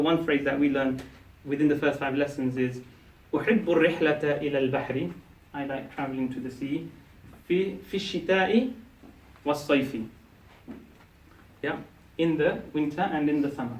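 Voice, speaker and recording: This Arabic teacher has a fairly high-pitched voice, with a little hiss or hum on the recording, which was picked up from a distance in an echoey room. He explains material and asks his students questions, frequently saying "yeah?" and restarting.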